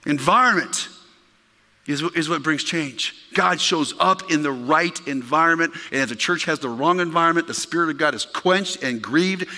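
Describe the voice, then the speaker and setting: Bright-voiced pastor preaching in a reverberant hall. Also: male voice, high-pitched. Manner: emphatic, conversational preaching with asides to the congregation. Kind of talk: sermon. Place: church sanctuary.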